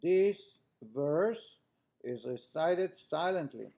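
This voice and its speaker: A man's voice: fairly high pitch, lively intonation, drawn-out words, mellow. A man teaching a class, reading a text aloud and then explaining it in plain words with frequent restarts.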